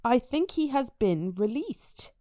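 A woman's voice: a little high, big pitch swings, takes it slowly, warm tone, no room sound, clean studio sound. A woman hosting a podcast over a remote call from a rented holiday home, chatting casually and jokingly and laughing often. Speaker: podcast host. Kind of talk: casual chat.

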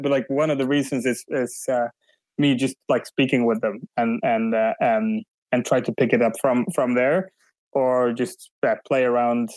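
Halting man with dry sound. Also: mid-range voice, a little mellow, dry recording, rough recording. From Sweden. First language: Swedish. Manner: halting, thoughtful, frequent restarts. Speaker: guest. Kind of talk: casual interview.

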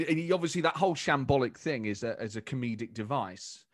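A man talks as a guest in an animated, chatty way. His voice sits in a middle pitch. The recording is dry and close. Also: dry recording. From Nottingham, England. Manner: chatty, animated, quick restarts. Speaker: guest comedian and impressionist. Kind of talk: casual interview chat.

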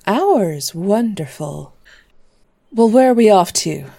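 A woman's voice: medium pitch, lively intonation, slow, creaky, mellow, pitched above the performer's own voice, full character voice. A woman voicing a gracious older actress who speaks in a genteel, formal way.

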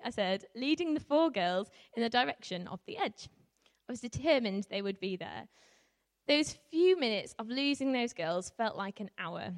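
High-voiced woman telling a story in a reverberant hall. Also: lively intonation, moderate pace. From Yorkshire, England. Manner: chatty, self-deprecating, laughs often, frequent ums. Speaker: youth worker telling a personal story. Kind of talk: live storytelling to an audience. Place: hall with a live audience.

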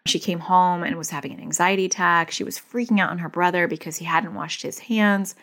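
A woman with a slightly low voice talks through parenting advice in a relaxed monologue. She is earnest and chatty, with "like" scattered through her sentences, and she sounds like a therapist who is also a parent. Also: a little fast. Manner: chatty, many "like" fillers, earnest.

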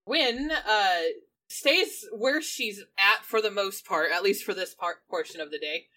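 A woman's voice: mid-range voice, a little slow, pushed and bright, slight background noise. A playful woman playing a tabletop game, laughing often. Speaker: player. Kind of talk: casual tabletop game play.

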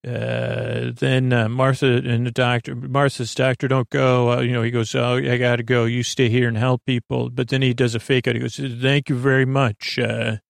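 Guy recapping a tv episode, gravelly voice, lots of uh and restarts, dry close sound. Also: mid-range voice, no room sound. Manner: rambling, many fillers and restarts, quotes characters in his own voice. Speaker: podcast host.

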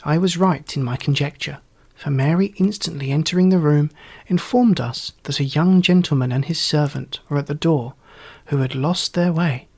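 A man narrating a story in an audiobook, reading in a measured, wry way. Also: on the high side, darkish tone, breathy edge. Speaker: reader.

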